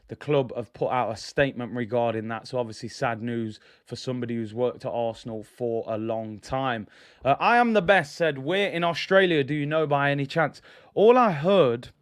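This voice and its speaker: A man's voice: medium pitch, no echo, clean studio sound. A man hosting a football fan live stream, chatting casually and upbeat as he reads out viewer messages.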